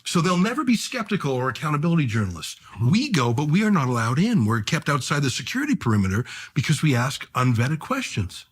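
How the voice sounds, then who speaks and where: Husky, animated male journalist. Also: on the high side, fast talker, hardly any pauses. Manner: emphatic, list-making. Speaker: interview guest, journalist. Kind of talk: interview conversation.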